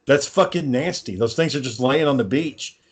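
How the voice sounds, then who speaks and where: A man's voice: mid-range voice, moderate pace. A man co-hosting a casual podcast chat, ranting with lots of swearing and sarcasm. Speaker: podcast co-host.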